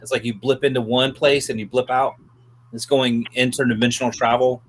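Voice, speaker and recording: A man's voice: mid-range voice, little pitch movement, a little fast, a little hiss or hum. A man co-hosting a live show, chatting and explaining ideas in an easygoing way. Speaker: co-host. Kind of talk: casual chat.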